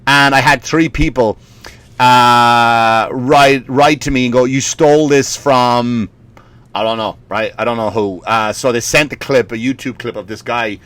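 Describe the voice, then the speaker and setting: A man's voice: mid-range voice, moderate pace, a bit bright, no echo. An Irish man, a stand-up comedian, ranting in a rambling way, swearing often and laughing at his own stories. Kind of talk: comedic rant.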